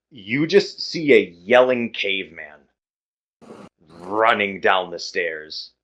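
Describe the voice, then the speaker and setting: A man with a lowish voice runs a tabletop game, describing each arrival at a very slow, easygoing pace with plenty of pauses. The recording is dull and lo-fi. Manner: relaxed, hesitant narration with fillers. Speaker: game master. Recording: muffled lo-fi audio.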